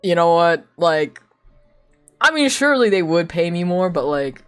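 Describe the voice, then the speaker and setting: Drawing as she streams, a young adult shares gossip in a relaxed chat, voicing quoted people with gasps and packing her speech with fillers, especially "like." The voice is mid-range and fairly bright, swinging widely in pitch at a moderate pace; the sound is clean, with soft background music.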